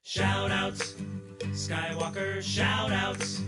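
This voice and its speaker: A woman announcing a recorded podcast segment in a slow, drawn-out way. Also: mid-range voice, little pitch movement. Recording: voice over loud music.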